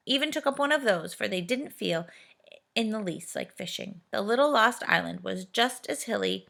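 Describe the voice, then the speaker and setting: A woman reading a children's storybook aloud in a gentle, steady manner. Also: mid-range voice, gravelly. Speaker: reader.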